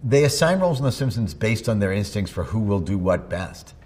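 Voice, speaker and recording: Husky, lively middle-aged male storyteller. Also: on the low side, fairly quick. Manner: animated storyteller, slips into impressions. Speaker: voice actor guest. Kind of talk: interview anecdotes.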